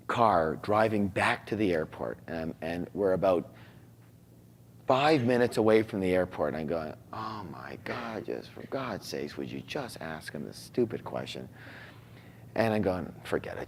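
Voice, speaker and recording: Low-voiced man in his forties telling a story. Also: slight background noise. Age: 40s. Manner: acts out quoted dialogue, dropping to hushed asides. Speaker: speaker telling a personal story. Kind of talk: emotional personal storytelling.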